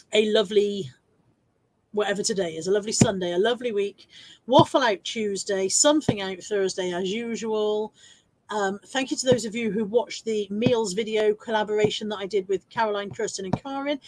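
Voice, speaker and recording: A woman's voice: medium pitch, dry recording, low-quality recording. A woman chatting casually on her regular live stream, laughing often and joking at her own expense.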